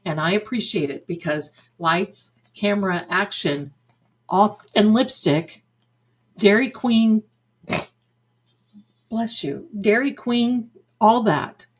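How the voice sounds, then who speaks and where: Speaking slowly with long pauses in a mid-range voice, an older woman hosts a psychic livestream. As the medium, she chats casually and warmly, lavishing endearments like "my darling" on her viewers.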